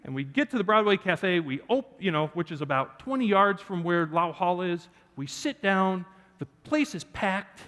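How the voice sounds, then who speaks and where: A man's voice: high voice, moderate pace. A man preaching a sermon, telling a personal story with jokes for the congregation. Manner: animated, joking with the congregation. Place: church sanctuary. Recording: church hall reverb.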